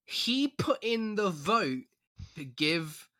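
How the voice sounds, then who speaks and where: A man co-hosting a casual podcast, excitable and blunt, swearing freely. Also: high voice, extremely slow, no room sound, clean studio sound. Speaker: podcast co-host. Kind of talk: casual chat.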